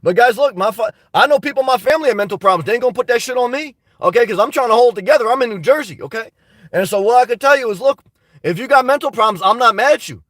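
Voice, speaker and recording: High-voiced man rambling on a livestream. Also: expressive, racing, a bit bright, dry recording. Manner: rambling, blunt and profane, addresses viewers as guys. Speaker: livestream host reading viewer chat. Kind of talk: casual live chat. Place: home in New Jersey. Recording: dry sound, mic at a distance.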